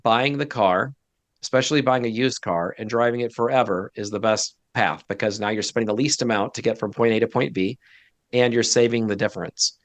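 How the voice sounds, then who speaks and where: A man's voice: medium pitch, a little fast, dry recording. A man speaking as a guest financial advisor in a casual interview, direct and emphatic with blunt opinions.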